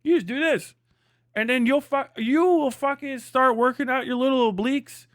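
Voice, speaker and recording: This streamer is a man with a high voice, swearing heavily through a blunt livestream rant at an ordinary pace. His fairly bright tone comes through close-miked and dry, without any echo or surrounding room.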